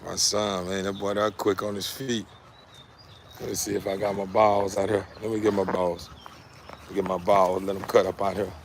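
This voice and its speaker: A man's voice: low voice, flat delivery, normal speed, slight background noise. A man, casually showing off his dogs in an outdoor yard, repeating himself and calling to them. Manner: laid-back, repeats phrases, talks to his dogs. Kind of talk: casual vlog narration. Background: dogs playing.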